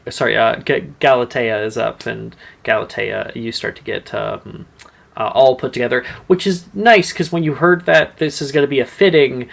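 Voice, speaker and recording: A man narrates as game master in a tabletop game. He talks in a chatty, rambling way at an ordinary middle pitch. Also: creaky, fairly bright tone.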